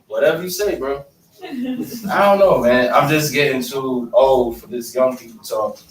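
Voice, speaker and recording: A man's voice: medium pitch, unhurried, slight background noise. Stand-up comic man in his thirties, echoey. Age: 30s. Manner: animated, slangy, chats with audience. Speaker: stand-up comedian. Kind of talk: stand-up set. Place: live comedy show room. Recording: echoey room, mic from far off.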